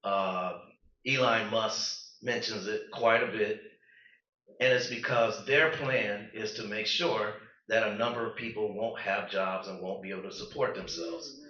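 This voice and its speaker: A man's voice: on the low side, lively intonation, unhurried, sharp tone. A man speaking as a panelist at a community event, serious and urgent, with frequent ums. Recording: roomy, dull, distant recording.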